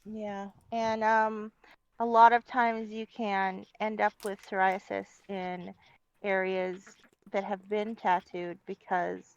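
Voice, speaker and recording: A woman chatting casually on a stream, relaxed and agreeable with short replies. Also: medium pitch, takes it slowly, clear, resonant tone. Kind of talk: casual chat. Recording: muffled, lo-fi audio.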